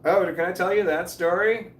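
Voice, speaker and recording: A man's voice: high voice, steady tone, moderate pace. Rambling man, distant roomy mic. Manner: meandering, trails off mid-sentence, swears casually. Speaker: livestream host reading chat. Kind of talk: rambling casual chat. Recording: roomy, distant mic with faint background noise.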